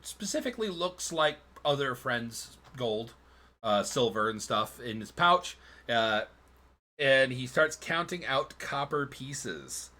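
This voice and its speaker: Guy gm narrating a tabletop game, rambly, lively pitch. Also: slow pace. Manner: loose, rambling narration with fillers. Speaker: game master.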